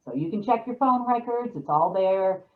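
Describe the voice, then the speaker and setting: A woman's voice: mid-range voice, lively intonation, normal speed. A woman hosting a show, talking casually in a rambling way with frequent restarts, heard over a phone-like line. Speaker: show host. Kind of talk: casual monologue on a call.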